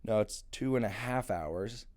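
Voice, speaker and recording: A man's voice: fairly low pitch, a little slow, a little mellow. A young man in his twenties hosting a solo podcast, rambling and swearing in a mocking, casual rant. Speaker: podcast host.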